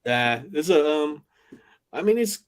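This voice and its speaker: A man co-hosting a podcast in casual chat, laid-back and hesitant, pausing often. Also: a little high, lively intonation, clear, resonant tone. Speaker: podcast co-host.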